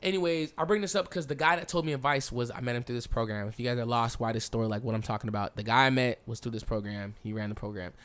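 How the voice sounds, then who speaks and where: A man's voice: medium pitch, quick pace, few pauses, clean tone. A young man hosting a podcast, telling a personal story in casual, slangy speech with lots of swearing and acted-out dialogue. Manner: animated, swearing, slangy, acts out past dialogue. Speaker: podcast host.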